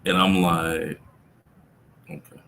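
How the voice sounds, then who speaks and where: A middle-aged man telling a personal story about his son in an interview, speaking in a reflective, halting way with many restarts. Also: low-pitched, flat delivery, vocal fry, fairly bright tone, slight background noise, rough recording. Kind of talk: conversational storytelling.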